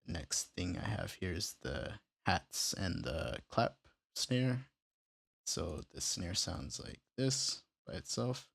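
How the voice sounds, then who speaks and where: Man, very low voice, slightly rough texture, relaxed step-by-step tutorial talk. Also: slow pace. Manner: explains step by step, relaxed and plain. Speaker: music producer tutorial host. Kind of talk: casual screen-recorded tutorial.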